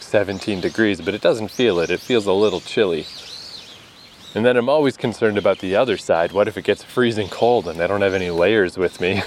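A man's voice: lowish voice, slight background noise. A Canadian man talking casually to his camera outdoors in the rain, laughing often and swearing now and then. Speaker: vlogger. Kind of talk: casual vlog monologue.

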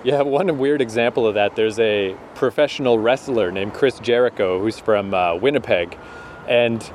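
Canadian man, young, casual chat, animated, laughs a lot, slows down to stress a point. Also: medium pitch, slight background noise. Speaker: podcast co-host.

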